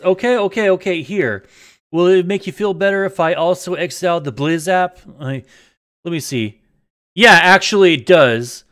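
A man talks through his live game stream in a slightly high, very clear voice. His pitch swings all over as he grumbles, curses and suddenly bursts into yelling. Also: unhurried. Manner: excitable, swearing, prone to sudden yelling outbursts. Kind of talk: casual live-stream chat while gaming.

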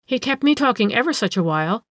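Woman reading a sassy young girl in a storybook, sharp tongue, acid comebacks, raised pitch. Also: sing-song, fast, no room sound, clean studio sound. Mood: pert. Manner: pert and acid retorts.

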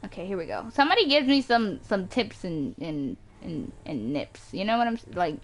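A woman streaming a racing game live, reacting excitedly, yelping and groaning as she races, on a home mic with some static. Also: mid-range voice, normal speed. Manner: excitable, yelps and groans at the race. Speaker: gaming streamer. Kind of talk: live gameplay commentary.

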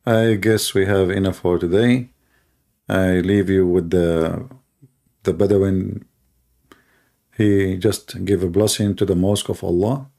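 Male apologist, mellow, gravelly voice, dry sarcastic delivery. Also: deep voice, fairly even intonation, a little slow, long pauses. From Middle East. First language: Arabic. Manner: sarcastic, mocking. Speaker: Christian apologist. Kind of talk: mocking commentary and anecdotes.

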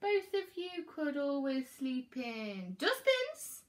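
A teacher voicing a bossy, dog-obsessed mother in a storybook reading, shrill and exclaiming. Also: very animated, slow pace, exaggerated voice. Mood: shrill, dismissive. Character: bossy dog-mad mum, shrill and dismissive.

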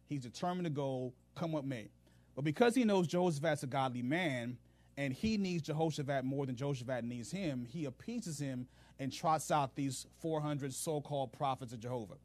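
A man hosting a faith podcast, retelling scripture in an animated, humorous way with casual slang. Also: medium pitch, moderate pace. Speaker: podcast host, Bible teacher. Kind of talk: casual Bible teaching.

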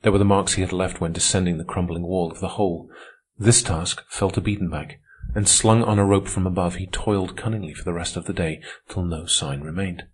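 A man reading an audiobook as narrator, in a measured, steady way. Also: low-pitched, slight background noise. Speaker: audiobook reader. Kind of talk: scripted narration.

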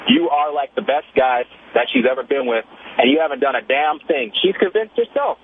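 A man calling in to a radio show, telling a story in a chatty, animated way. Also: medium pitch, fairly quick. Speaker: caller. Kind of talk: casual storytelling on a call-in show. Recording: tinny phone line with faint hiss.

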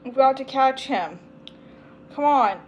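Storybook heroine, a commanding young girl, read by a woman, urgent and bright-pitched. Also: expressive, slow pace, muffled recording, a little hiss or hum. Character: brave, bossy young girl who takes charge.

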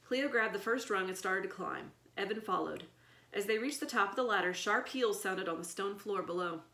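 A woman reading a children's chapter book aloud in an expressive storytelling manner. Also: mid-range voice, moderate pace. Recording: echoey room.

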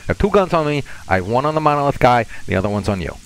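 A swaggering, threatening stalker voiced by a man who bosses his hostages around in a thick fake Russian accent. His pitch swings widely as he swears and menaces through the game role-play. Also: sing-song, very fast, poor audio.

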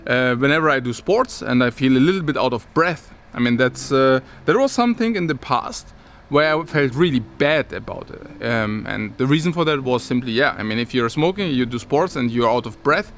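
A man's voice: medium pitch, expressive, moderate pace, a bit bright, slight background noise. A man talking casually to his viewers as a vlogger, rambling and restarting his sentences, with occasional chuckles. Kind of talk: casual talk to camera.

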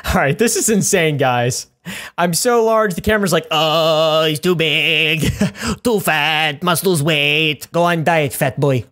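Man, gaming youtuber, let's play commentary, goofy, rambling, crude jokes. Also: a little high.

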